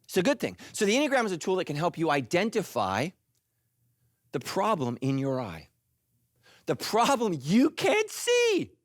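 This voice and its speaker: A middle-aged male pastor preaching a sermon in an animated, joking way, acting out little voices. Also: high-pitched, normal speed, no echo, clean studio sound. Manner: animated, jokey, acts out voices.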